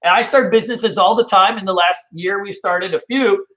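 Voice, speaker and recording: High, bright-voiced man hosting a webinar. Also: fairly quick, muffled recording. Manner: loose, rambling and animated, with many fillers. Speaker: trading webinar host. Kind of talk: casual live webinar Q&A.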